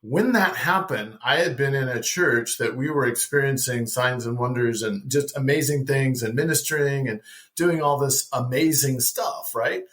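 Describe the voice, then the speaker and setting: A man guest on a podcast, telling a personal story in an animated, casual way, often asking "right?" and repeating words as he starts a thought. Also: mid-range voice, normal speed.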